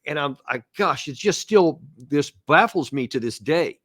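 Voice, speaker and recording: A man's voice: a little high, expressive, measured pace, a bit bright, no room sound, clean studio sound. A man hosting an online political talk show who rambles and hesitates, with lots of fillers, and gets worked up. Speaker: host.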